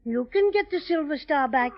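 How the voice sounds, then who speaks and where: A man's voice: extremely high pitch, lively intonation, moderate pace. An actor playing a small, friendly male teddy bear with an Irish accent in an old radio drama, with a lilting, cheery way of talking. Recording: dull old radio recording.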